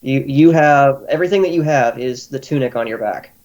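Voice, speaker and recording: Game master, male, mid pitch, easygoing scene narration for a tabletop session. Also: a little fast, darkish tone, a little hiss or hum, rough recording.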